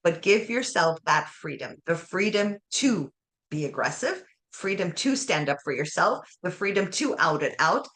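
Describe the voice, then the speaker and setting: A woman's voice: on the low side, animated, moderate pace, a bit bright. A woman on a podcast giving emphatic, encouraging advice in conversation.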